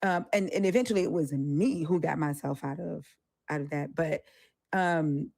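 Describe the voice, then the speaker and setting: A woman's voice: deep voice, normal speed, creaky, darkish tone, no echo. A woman co-hosting a casual discussion, candid and profane, often acting out the voices of people she quotes. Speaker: co-host.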